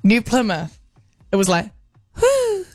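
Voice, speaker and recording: Woman, New Zealand accent, radio host, lively storyteller, dry close sound. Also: mid-range voice, fairly quick, dry recording. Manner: animated storytelling with chatty asides. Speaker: radio host and touring comedian. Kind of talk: casual radio chat.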